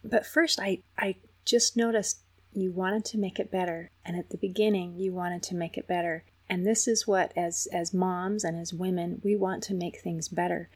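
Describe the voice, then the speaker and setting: A woman hosting an interview, gentle and reassuring as she reflects back on a guest's story. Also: lowish voice, steady tone, moderate pace, husky. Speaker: podcast host. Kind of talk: supportive conversational interviewing.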